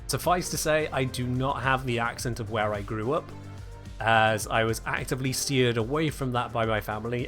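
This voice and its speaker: A man's voice: mid-range voice, normal speed, a bit bright, faint music behind. A British man chatting casually with his viewers on a game live stream, answering chat with wry humor. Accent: British English. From United Kingdom.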